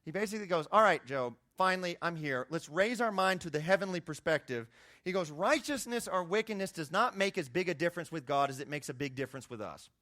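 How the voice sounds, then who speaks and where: A young man preaching a conversational sermon, his voice jumping high when he makes a point. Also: lively intonation, fairly quick, fairly bright tone, dry recording, clean studio sound. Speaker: youth pastor.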